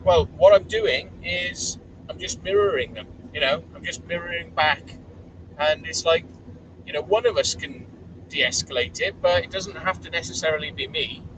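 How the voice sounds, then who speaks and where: A man's voice: fairly high pitch, normal speed. A man, vlogging in a blunt, sweary, rambling way with lots of fillers, recorded outdoors. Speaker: urban explorer vlogger. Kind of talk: casual rambling monologue. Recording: distant mic with loud outdoor noise.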